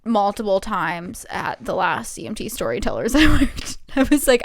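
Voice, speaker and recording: A woman's voice: mid-range voice, big pitch swings, moderate pace, dry recording. A woman co-hosting a podcast, chatting casually and reading out lists with mock drama and giggles. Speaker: podcast co-host. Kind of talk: casual chat, reading aloud.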